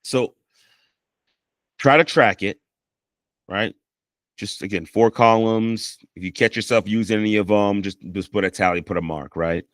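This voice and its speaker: A man's voice: on the low side, a little slow, long pauses, no echo, clean studio sound. A man, a counselor and life coach, teaching communication skills in a casual, conversational way, often checking in with "right?" and acting out sample apologies. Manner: conversational, frequent "right?" and "you know" tags; acts out sample apologies and I-statements.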